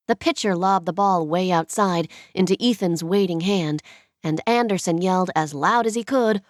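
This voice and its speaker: Brief: audiobook narrator, woman, low pitch, steady scripted reading. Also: normal speed, no room sound, studio quality.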